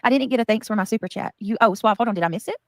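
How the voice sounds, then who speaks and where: A woman's voice: on the high side, rapid-fire, no echo. A woman chatting casually on a livestream, reading out and thanking donations.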